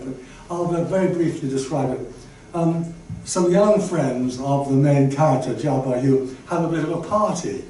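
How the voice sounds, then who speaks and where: A man's voice: on the high side, warm tone. An older man giving a chatty, digressive public talk to an audience, full of asides and fillers. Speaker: guest lecturer. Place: lecture room with an audience. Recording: very echoey room, voice from far off, faint background noise.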